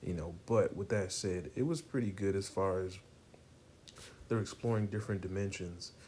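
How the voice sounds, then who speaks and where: A man with a lowish voice talks through a comic review in a loose, rambling way. He keeps looping back with "you know what I'm saying" and gets excited as he goes. A faint hum sits behind him in a room at home. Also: moderate pace. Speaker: comic book reviewer and author. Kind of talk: casual vlog review. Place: home room with lighting and a poster.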